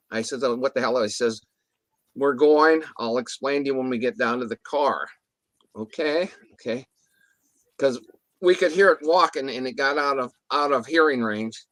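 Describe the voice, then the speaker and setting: A man's voice: mid-range voice, normal speed, a bit bright, no room sound. A man telling a story in a casual interview, rambling with restarts and mild swearing, acting out what others said. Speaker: guest telling an encounter story.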